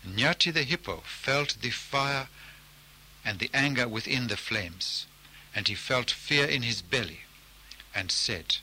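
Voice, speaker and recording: A man narrating a folk tale in a measured, deliberate storytelling style. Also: mid-range voice, lively intonation, sharp tone, rough recording.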